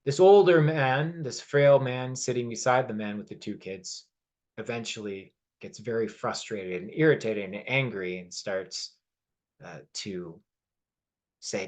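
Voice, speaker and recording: A man's voice: medium pitch, measured pace. A man giving an earnest motivational lesson, with fillers and hesitations, leaning on key words. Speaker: personal development teacher.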